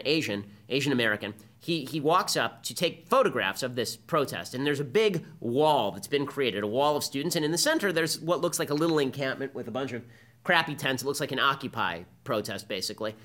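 A man hosting a political podcast, delivering fast, sarcastic, combative commentary. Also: fairly high pitch, a bit bright.

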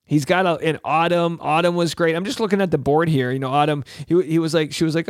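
A man's voice: fairly high pitch, fairly even intonation, quick pace, hardly any pauses, no echo, studio quality. A man hosting a casual recap show, chatting in a rambling way and acting out quotes in put-on voices. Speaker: host. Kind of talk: casual reality-TV recap monologue.

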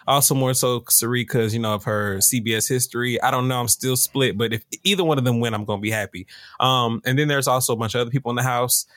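Animated man recapping reality TV. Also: fast talker, no echo, clean studio sound. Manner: animated storytelling, jumps high when quoting others. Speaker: podcast co-host. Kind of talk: casual chat.

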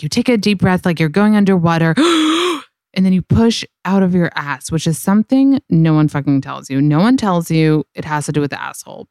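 A woman's voice: low-pitched, a little mellow, clear, resonant tone, no echo, clean studio sound. A young woman hosting a podcast, telling a story in casual chat, candid and profane with lots of fillers. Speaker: podcast host.

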